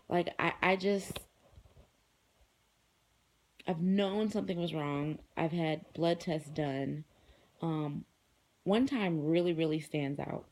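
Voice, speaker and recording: Chatting casually with her viewers, an adult vlogger who is married with children rambles along with plenty of fillers. Her voice sits on the low side with a darkish tone, and a little hiss or hum can be heard.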